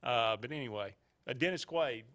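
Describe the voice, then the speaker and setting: A man's voice: medium pitch, lively intonation, normal speed, fairly bright tone. Hesitant man hosting sports radio. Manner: hesitant, many filler uhs. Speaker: sports talk radio host. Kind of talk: casual radio chat.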